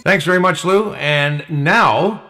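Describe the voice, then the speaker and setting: A man's voice: on the high side, takes it slowly, sharp tone, soft background music. A man co-hosting a casual talk show, reading out facts and list items and chuckling often. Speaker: co-host.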